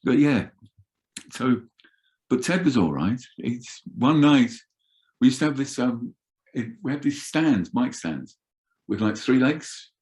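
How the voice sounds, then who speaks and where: An older man telling roadie stories in an animated, swearing way as an interview guest. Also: medium pitch, takes it slowly, long pauses. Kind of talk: casual storytelling.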